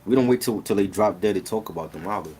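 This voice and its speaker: A man's voice: fairly low pitch, quick pace, dark tone. A man co-hosting a casual live stream, chiming in with short, emphatic remarks. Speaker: co-host.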